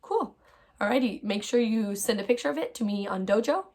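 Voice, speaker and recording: A woman teacher giving a phonics lesson to young children, warmly upbeat, stretching out sounds and calling her students my friends. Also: medium pitch, lively intonation, a little fast.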